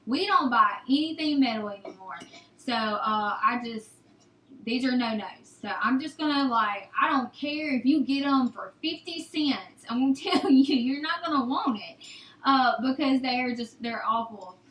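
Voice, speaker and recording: A young woman with a drawl talks viewers through a hands-on homestead how-to in a chatty, folksy way. Her voice sits high and bright. The room around her is noticeably echoey. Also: moderate pace. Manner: chatty, folksy, addresses viewers as y'all and guys. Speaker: homesteading vlogger. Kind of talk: casual how-to talk.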